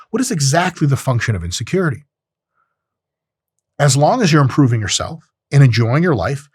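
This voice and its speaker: A man's voice: mid-range voice, husky, dry recording, studio quality. A man hosting a podcast, giving a blunt, profane casual monologue and acting out short voices. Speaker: podcast host. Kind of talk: casual monologue on self-improvement.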